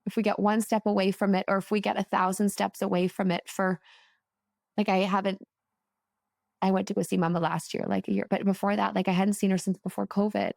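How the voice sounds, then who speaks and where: A woman guest telling a personal story in a casual podcast chat, animated and chatty, with plenty of "like" fillers. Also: medium pitch, a little fast, gravelly, no echo, clean studio sound. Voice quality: emotional, tearful at moments. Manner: animated, chatty, lots of "like" fillers, laughs and swears while telling.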